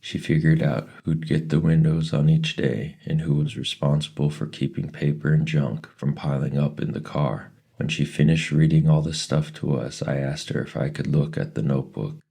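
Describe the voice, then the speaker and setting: Very deep, gravelly male reader. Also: moderate pace, few pauses. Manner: steady, plain storytelling. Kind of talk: reading a novel aloud.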